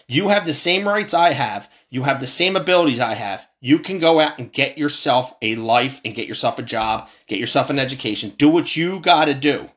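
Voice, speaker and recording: An American commentator delivers a heated political rant that's passionate and full of profanity. His somewhat bright voice leaps high and then sinks low.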